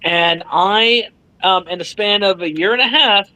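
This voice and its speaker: A man being interviewed as an author, telling a story with lively energy, swearing freely and acting out what others said. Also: high-pitched, measured pace, no echo, poor audio. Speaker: author guest. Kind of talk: animated storytelling in casual chat.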